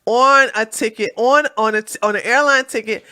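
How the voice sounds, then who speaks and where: Hosting a livestream, a woman reads chat and offers casual, sarcastic commentary, frequently breaking into laughter. Her fairly high voice is sharp and clean, at normal speed.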